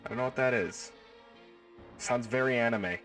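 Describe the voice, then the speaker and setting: A man's voice: mid-range voice, moderate pace, a bit bright. Man, casual live stream host, jokey, swears, distant mic, faint music behind. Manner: playful, jokey, swears freely. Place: home.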